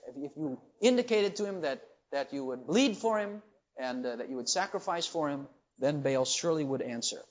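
A man preaching a sermon, shifting from low, quiet asides to loud, rising questions to the congregation.

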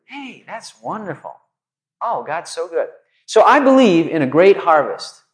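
A man preaching a sermon in a loose, conversational way, full of asides. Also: mid-range voice. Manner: conversational, animated storytelling, many asides.

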